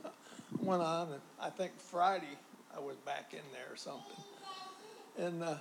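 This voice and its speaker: A man's voice: on the high side, normal speed, gravelly, noisy background. A man rambling through a folksy testimony at a church gathering. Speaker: church member sharing a testimony. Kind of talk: casual spoken testimony.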